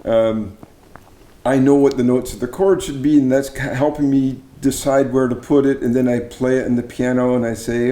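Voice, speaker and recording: Interviewing a fellow singer, a middle-aged Canadian who arranges barbershop and chairs judging is chatty, admiring and eager, with frequent restarts. He speaks at a moderate pace in a mellow, medium-pitched voice with fairly even intonation, in an echoey room.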